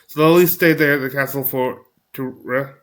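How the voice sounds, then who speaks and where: A man recapping a tabletop game in casual commentary, talking in a halting way with frequent restarts. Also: mid-range voice, steady tone, a bit bright. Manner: halting, many restarts and fillers. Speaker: recap host.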